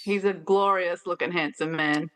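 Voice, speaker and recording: A woman's voice: fairly low pitch, steady tone, normal speed, fairly bright tone. A woman co-hosting a film podcast, gushing casually and giggling. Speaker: podcast co-host, school teacher.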